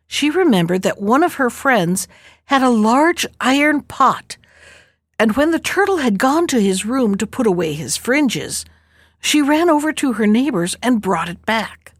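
Expressive woman reading a folk tale. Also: a little high, dry recording, clean studio sound. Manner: expressive storybook narration. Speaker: storyteller.

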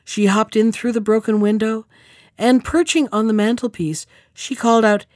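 A woman's voice: fairly high pitch, steady tone, moderate pace, a little mellow, dry recording. Woman reading a fairy tale, dry sound. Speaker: podcast storyteller.

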